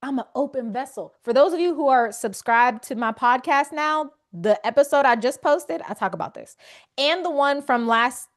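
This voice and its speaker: Here the same kind of host speaks in a high, animated voice at a moderate pace. As a faith wellness coach leading a live session, she addresses her audience conversationally and with emphasis.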